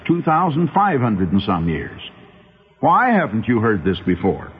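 A man preaching a radio sermon, urgent and pleading, calling his listeners "my friends" and drawing out key phrases with big swings in pitch. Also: wildly swooping pitch, a little slow, slightly rough. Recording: tinny phone-like old radio broadcast with faint hiss.

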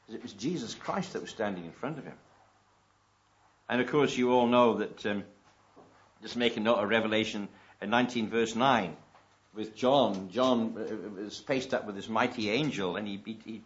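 A man's voice: on the low side, a bit bright, highs cut off. A man preaching a sermon to his congregation, talking in a conversational way that swells into emphatic stresses.

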